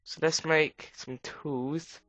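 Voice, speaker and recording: A woman with a cold gives rambling casual commentary while playing a game, breaking into sudden high squeals. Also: steady tone, takes it slowly, a bit bright, dry recording. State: has a cold. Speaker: gamer. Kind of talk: casual let's play commentary. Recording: dull lo-fi recording.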